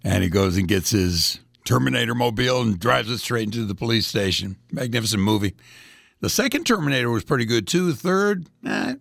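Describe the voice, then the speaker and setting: A man's voice: medium pitch, expressive, fairly quick, vocal fry, fairly bright tone, no echo. A man in his seventies hosting a rambling, folksy one-man commentary, chatting casually and drifting from topic to topic. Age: 70s.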